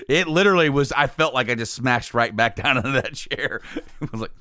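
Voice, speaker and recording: A man's voice: medium pitch, lively intonation, normal speed, sharp tone, dry recording, studio quality. A man telling a long personal story in casual chat, rambling and restarting sentences, laughing often. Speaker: podcast guest telling a story.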